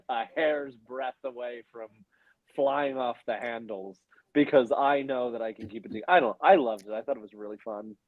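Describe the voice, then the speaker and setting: A man's voice: mid-range voice, a little mellow, no echo, muffled recording. A man co-hosting a podcast in casual chat, rambling and stumbling animatedly over his words. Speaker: podcast co-host.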